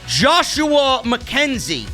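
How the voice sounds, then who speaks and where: A man's voice: extremely high pitch, wildly swooping pitch, extremely slow, bright, forceful tone. A man hosting a livestream wrestling review, ranting brashly and swearing constantly. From New York. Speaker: wrestling show reviewer, podcast host. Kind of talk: livestream rant, casual chat. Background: faint music.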